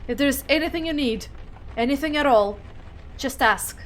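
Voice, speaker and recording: A woman's voice: high-pitched, moderate pace, slight background noise, close to an everyday voice. A woman voicing a casual, joking male coworker in game messages. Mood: breezy.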